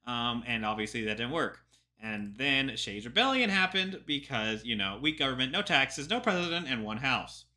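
A man's voice: medium pitch, expressive, moderate pace, pushed and bright. A young man, a historian, reacting to a history video in casual chatty commentary with lots of ums and joking asides.

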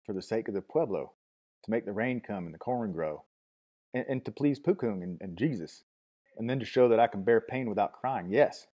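An earnest young man pleads in impassioned, halting bursts, his tone low and mellow with a husky grain, voiced by the audiobook's male reader. He pushes each phrase out with strain and pride. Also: animated, dull audio. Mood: earnest, proud.

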